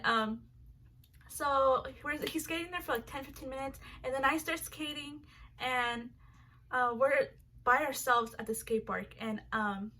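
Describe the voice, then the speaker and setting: Young female vlogger, slightly high voice, casual rambling storytelling with filler words and cursing, faint noise in the background. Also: bright, forceful tone.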